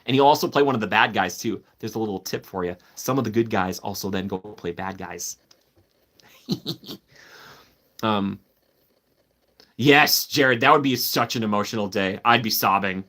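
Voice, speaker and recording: A man's voice: lowish voice, moderate pace, pauses often, fairly bright tone. A man hosting a live stream, chatting casually and enthusiastically, answering viewers by name and laughing often.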